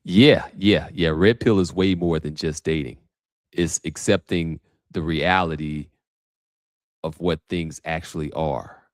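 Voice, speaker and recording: A man's voice: very deep voice, measured pace, no room sound, studio quality. A man hosting a livestream, talking casually and thinking aloud with many restarts. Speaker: host. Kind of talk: livestream commentary.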